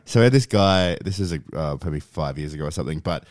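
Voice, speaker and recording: A man's voice: rumbling low, expressive, fast talker, darkish tone, no echo, studio quality. A man co-hosting a podcast, casually telling stories in chat. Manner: storytelling, casual. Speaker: podcast co-host.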